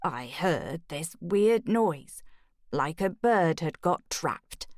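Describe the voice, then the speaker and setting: A woman reading the part of a gentle older aunt who speaks slowly and softly. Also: low-pitched, animated, no echo, studio quality, full character voice. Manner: slow, soft, measured. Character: warm older aunt, gentle and slow-spoken.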